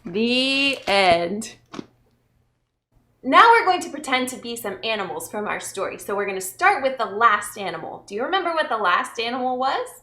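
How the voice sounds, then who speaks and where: A woman's voice: on the high side, very animated, normal speed, pushed and bright. A woman, a children's librarian, leading a pre-k story time and talking directly to small children in a playful, encouraging way. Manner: playful, acts out animals.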